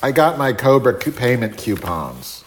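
A man chatting casually and telling a story in a sardonic, animated way, sometimes mimicking other voices. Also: mid-range voice, normal speed, a little hiss or hum.

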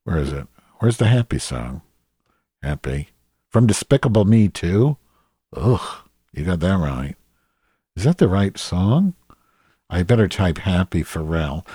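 Deep mellow guy, sounding, snarky deadpan commentary, dry close mic. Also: unhurried, pauses often, husky, dry recording. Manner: mocking, deadpan asides. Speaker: host reading listener letters. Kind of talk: sarcastic commentary.

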